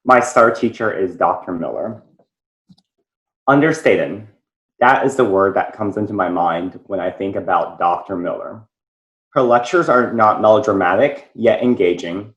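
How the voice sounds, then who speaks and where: Deep-voiced teen boy reading formally. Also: fairly bright tone, reverberant, poor audio. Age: teens. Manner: formal, measured, articulate. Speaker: student. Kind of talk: reading a prepared speech.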